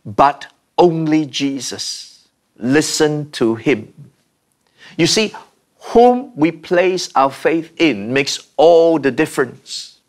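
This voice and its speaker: A man delivers a sermon at an unhurried, deliberate pace. His voice sits a little high for a man, and he builds his points through repeated refrains and long pauses. The delivery is measured and earnest, in the manner of a pastor at the pulpit. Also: lively intonation.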